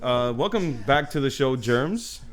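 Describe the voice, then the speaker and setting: A man's voice: mid-range voice, lively intonation, a little slow. Upbeat rambling male podcast host. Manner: upbeat, rambling, with frequent fillers and laughs. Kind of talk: casual chat.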